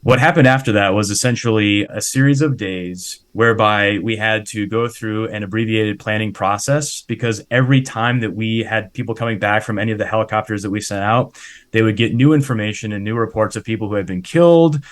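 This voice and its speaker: A man, a former Special Forces officer, explaining events methodically as a podcast guest. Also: lowish voice. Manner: measured, methodical. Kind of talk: structured explanation.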